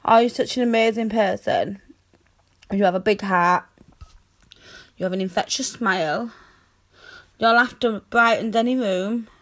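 A young woman in a girlfriend comfort audio role-play, speaking in a soothing, tender, reassuring way with soft hushing. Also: mid-range voice, measured pace, long pauses.

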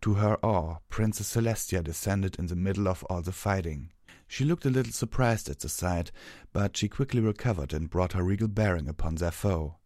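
Deep-voiced guy reading a story out, dry close sound, steady. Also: normal speed, no room sound. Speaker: narrator. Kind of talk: scripted story narration.

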